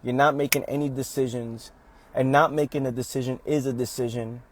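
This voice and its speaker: A man's voice: medium pitch, fairly even intonation, brisk, a little hiss or hum. A man giving a motivational talk on a livestream, speaking emphatically, repeating his points and calling his listeners "fam".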